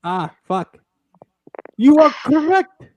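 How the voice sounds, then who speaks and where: A man's voice: very high voice, sing-song, takes it slowly, dark tone. A man moderating a holiday movie bracket in a casual podcast chat, announcing in a mock-formal, regal manner. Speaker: tournament moderator, self-styled lord.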